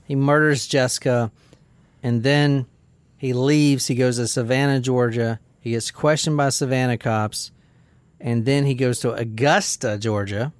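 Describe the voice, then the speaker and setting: A man hosting a podcast, telling a true-crime story in a blunt, profane, animated way. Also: mid-range voice, a little slow, clear, resonant tone, no room sound. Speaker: podcast host.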